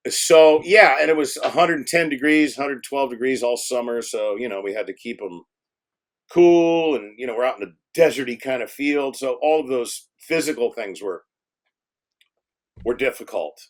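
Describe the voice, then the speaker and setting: An older man, a film director, telling stories casually in an interview, rambling, with many fillers and restarts, getting animated at the funny parts. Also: mid-range voice, moderate pace.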